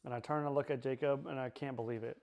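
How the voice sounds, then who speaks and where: Guy telling his own hard story, pretty monotone, halting and repeating himself, lots of "like". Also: mid-range voice. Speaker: survivor sharing his personal story. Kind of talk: personal testimony.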